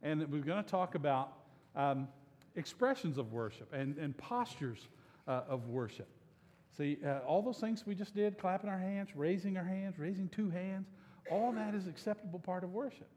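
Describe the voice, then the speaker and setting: A man's voice: sits high, expressive, moderate pace, a little mellow, long reverb tail. A male pastor giving a conversational, joking sermon that coaxes his congregation to join in. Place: church sanctuary.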